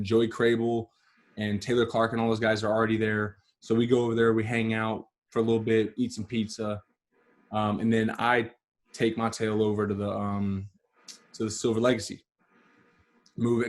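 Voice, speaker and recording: A man who is a podcast guest, telling a story in a relaxed, rambling way with many fillers and restarts. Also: lowish voice. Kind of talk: casual storytelling.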